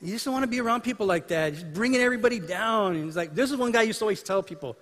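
A male pastor with a notably high voice preaches a sermon as if telling stories to friends, slipping into the voices of the people he describes. His voice rings out with a long reverb, as in a large hall. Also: expressive, racing, few pauses, fairly bright tone. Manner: conversational storytelling preaching, acting out dialogue.

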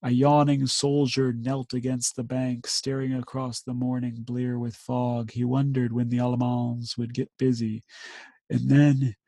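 A man reading war poetry aloud with slow, measured emphasis, then discussing it casually as a podcast co-host. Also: medium pitch, flat delivery, dark tone, dry recording.

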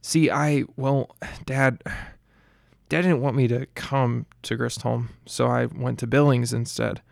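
A man's voice: mid-range voice, level tone, vocal fry, dry recording, clean studio sound. A man as an awkward young officer. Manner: halting, awkward.

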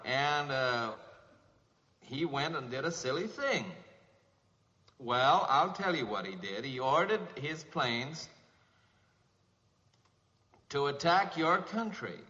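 An actor playing a flustered male president who awkwardly soothes a caller on the phone, in a halting, apologetic way. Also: mid-range voice, expressive, sharp tone. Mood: awkward, placating. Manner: halting, apologetic, drawn-out pauses. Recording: muffled old film soundtrack with long reverb.

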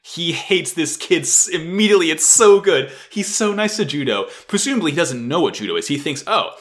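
Animated, swearing man recapping anime. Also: fairly high pitch, a little fast. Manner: animated, profane, laughs often. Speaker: podcast co-host. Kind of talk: casual anime recap chat.

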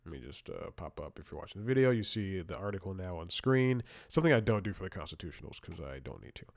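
A man with a slightly low voice hosts a casual comedic podcast. He rambles and restarts his sentences, chuckling at his own story, all recorded on a close, dry mic with no room sound. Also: very animated, fast talker, creaky, dry recording. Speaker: podcast host.

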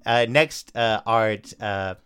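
Guy rambling on a podcast, smooth clear voice, laughs a lot. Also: on the low side, slow pace, fairly bright tone. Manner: rambling, many restarts and chuckles. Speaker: podcast co-host. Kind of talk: casual chat reviewing front-page submissions.

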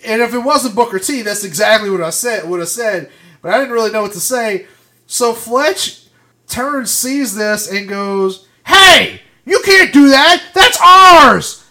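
A man co-hosting a podcast, telling a story in casual chat, getting louder and higher as it builds. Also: normal speed. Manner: animated storyteller, gets loud and high when retelling. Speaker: podcast co-host. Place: podcast studio.

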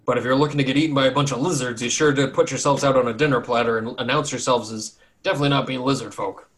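A man voicing a gruff, standoffish, bearded male swamp warden who talks in a blunt, folksy way. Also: mid-range voice, fairly even intonation, rapid-fire, a bit bright, close to an everyday voice. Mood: wary.

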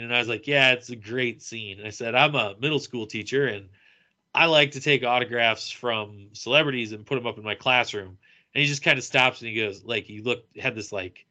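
A man chatting on a podcast, telling a funny story with lots of acted-out quotes. His voice is bright and forward, and he laughs easily as he talks. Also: mid-range voice. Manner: animated, acts out quotes with laughter. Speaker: podcast co-host. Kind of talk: casual storytelling.

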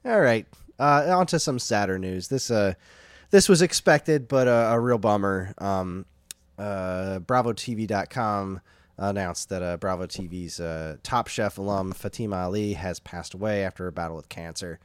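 A man hosting a casual podcast chat, reading out news headlines with frequent "uh" fillers in a relaxed way. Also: sits low, normal speed, clear, resonant tone, dry recording.

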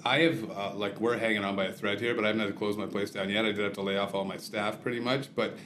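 Male host, lowish voice, halting, roomy sound. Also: fairly even intonation, a bit bright. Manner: hesitant, many fillers. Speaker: podcast host, restaurant owner. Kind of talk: casual interview chat. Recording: roomy with faint noise.

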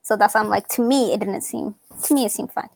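A woman's voice: medium pitch, quick pace, vocal fry, darkish tone. A woman co-hosting a podcast, chatting in an easygoing, reassuring way. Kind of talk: casual chat.

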